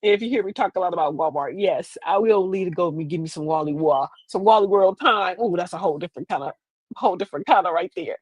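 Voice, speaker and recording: A woman's voice: lowish voice, fast, darkish tone, slightly rough, dry recording. A woman, hosting a streamed show in a sassy, rambling comedic monologue. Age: 50s. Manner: chatty, sassy, rambling with repeated phrases.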